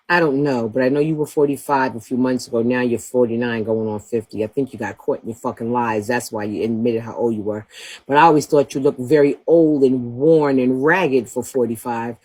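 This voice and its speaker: A woman's voice: a bass voice, a little mellow, slightly rough. A woman hosting a livestream, talking bluntly and profanely in a trash-talking rant, breaking into laughter often. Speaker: livestream host.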